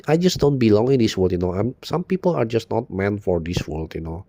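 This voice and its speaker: A man's voice: lowish voice, expressive, a little fast, few pauses, dark tone, dry recording. A man giving an unscripted video monologue, rambling and profane, repeating "you know" constantly in a bitter tone. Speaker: video blogger.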